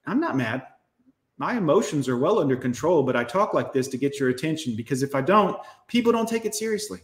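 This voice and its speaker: Man, livestream rant, swears a lot, slightly high voice, echoey room. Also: lively intonation, fast. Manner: blunt, profane, emphatic ranting; addresses viewers directly. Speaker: livestream host. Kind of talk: ranting livestream commentary.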